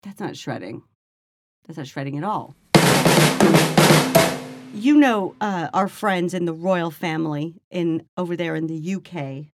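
A woman's voice: fairly low pitch, measured pace, pauses often, a little mellow, faint music behind. A middle-aged woman co-hosting a casual podcast, chatting wryly and reading news items aloud with dry asides. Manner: wry, chatty, reads articles aloud with dry remarks. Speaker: podcast co-host.

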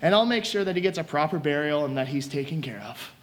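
Man putting on a treacherous schemer, low smooth coaxing voice, false kindness. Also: animated, quick pace, natural voice. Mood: persuasive.

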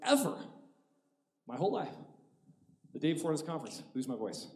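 A man in his forties preaching a sermon, telling a personal story in an animated way that swings between loud and hushed. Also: fairly high pitch, a little fast. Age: 40s. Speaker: pastor. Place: church auditorium. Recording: echoey church hall.

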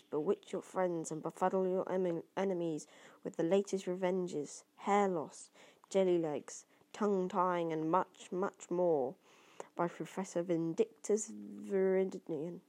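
A woman's voice: fairly low pitch, fairly even intonation, measured pace, a little mellow. A woman doing an amateur audiobook reading, stumbling over words and restarting now and then. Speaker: reader.

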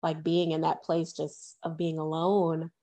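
A woman's voice: low-pitched, monotone, measured pace, warm tone. A woman guest on a podcast, speaking in an agreeable, reflective, conversational way. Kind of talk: casual conversation.

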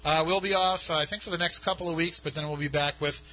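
A man's voice: on the high side, fairly even intonation, quick pace, pushed and bright, poor audio. A man hosting a casual radio talk show, rambling and poking fun at himself. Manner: rambling, self-mocking. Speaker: podcast host.

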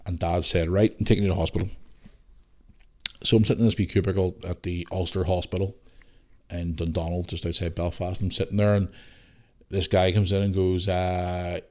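This podcast host is a man in his thirties with a Northern Irish accent and a low-pitched voice at normal speed. He delivers a casual storytelling monologue with lively energy, mild swearing, and voices for the characters in his tales.

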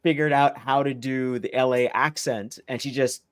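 A man's voice: mid-range voice, fairly even intonation, moderate pace, dry recording, studio quality. A man co-hosting a podcast, telling stories in a wry, easygoing way and laughing along. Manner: storytelling, wry, laughs often. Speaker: podcast co-host. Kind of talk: casual chat.

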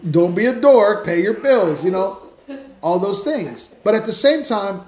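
A man hosting a Christian podcast, telling stories in a lively, casual way with many restarts. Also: sits high, a little slow, echoey room. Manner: animated storytelling with many restarts. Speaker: podcast host, Christian speaker. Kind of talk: casual faith talk.

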